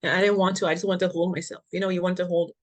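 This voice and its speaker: A woman guest in an interview, speaking as a patient advocate and telling a frank, lively story that acts out the dialogue, with easy laughs and punchy slang asides. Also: fairly low pitch, very fast.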